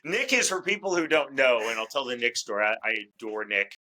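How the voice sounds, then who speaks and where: A man talking as a guest in a casual interview, chatty and quick to restart his words. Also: mid-range voice, sing-song, pushed and bright, low-quality recording. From United States. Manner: talkative, repeats words as he restarts. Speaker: fight commentator, interview guest.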